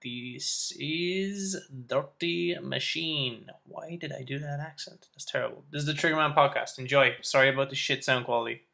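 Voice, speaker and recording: A man's voice: mid-range voice, flat delivery, fast talker, vocal fry, hardly any pauses, pushed and bright. A man hosting a casual podcast chat, talking in a loose, rambling and heavily profane way. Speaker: podcast host. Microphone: camera microphone. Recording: roomy, distant camera-mic audio.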